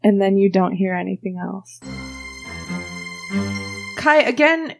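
A woman narrating a tabletop role-playing game as game master, telling the story in a measured way. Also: mid-range voice, lively intonation, vocal fry, over music.

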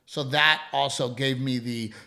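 Animated middle-aged man, chatty co-host. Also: medium pitch, measured pace, gravelly. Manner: animated, acts out quotes, swears freely. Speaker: podcast co-host. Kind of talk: casual chat.

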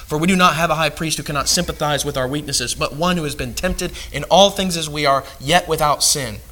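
A man preaching a sermon in earnest, swinging between loud emphasis and hushed asides. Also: on the high side, brisk, poor audio.

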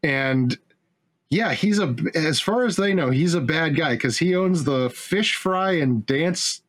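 A man with a somewhat high voice chats about a film. He swears and laughs as he goes, and acts out the characters' lines himself. His casual, animated retelling jumps from scene to scene. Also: slow. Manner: animated, profane, laughing storyteller who acts out the dialogue.

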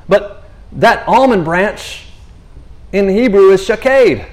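A man telling a faith story in an animated, rambling way, often restarting and saying "you know". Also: high-pitched, slow pace. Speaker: speaker sharing a faith testimony. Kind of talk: casual spoken testimony.

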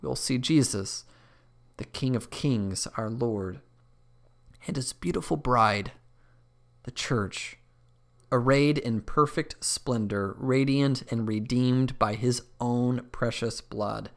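A man preaching a sermon as pastor, earnest, dropping to a hush at dramatic moments. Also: medium pitch, takes it slowly, creaky.

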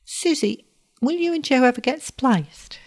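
A woman reading a storybook voices a frail young blind boy in a high, soft, pleading tone. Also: animated, unhurried, exaggerated voice. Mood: wistful.

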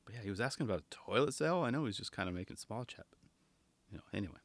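A man with a lowish voice and lively intonation speaks very fast while reacting to a skate video on his home-garage podcast. His commentary is relaxed and rambling, with quoted voices acted out. Recorded on a studio microphone with no room sound.

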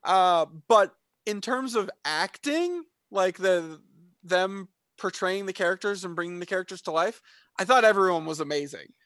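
A man with a high voice talks casually on a podcast, rambling and restarting his sentences. The sound is dry and close, with no room around it. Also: animated, moderate pace, a bit bright, no room sound. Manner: rambling, frequent fillers and restarts. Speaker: podcast co-host. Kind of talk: casual chat reviewing a TV show.

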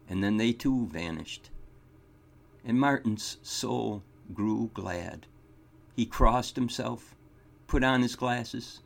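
A man narrates a story aloud in a calm, measured and earnest way. His voice sits low and has a gravelly, creaky texture that runs through his steady reading.

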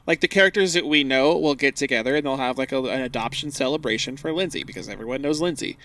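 A man's voice: medium pitch, quick pace, a bit bright. A young man co-hosting a casual rewatch podcast, blunt and exasperated, swearing casually. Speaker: podcast co-host.

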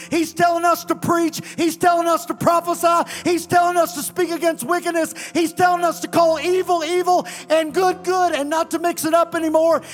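High-pitched preaching man in echoing church. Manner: preaching, sometimes shouting and chanting. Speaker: pastor. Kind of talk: fiery sermon. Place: church sanctuary.

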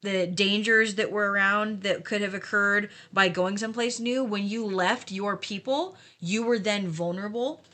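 A woman's voice: mid-range voice, moderate pace, few pauses, sharp tone. A woman co-hosting a casual Bible discussion podcast, thoughtfully explaining historical context. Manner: thoughtful, explanatory, asks listeners to imagine. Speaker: podcast co-host.

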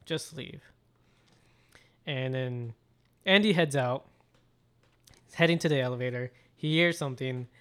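Brief: podcast host, casual retelling, filler-heavy, mid-pitched man. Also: moderate pace, pauses often, fairly bright tone, clean tone. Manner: retells film scenes with frequent "like", swearing and laughs. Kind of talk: casual chat.

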